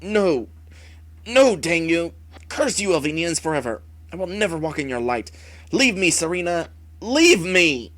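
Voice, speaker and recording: Wraith, a shouting villainess voiced by a man. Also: on the high side, expressive, moderate pace, lightly acted. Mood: frantic. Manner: loud, shouting defiance. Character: vicious female dark knight villain, proud and defiant.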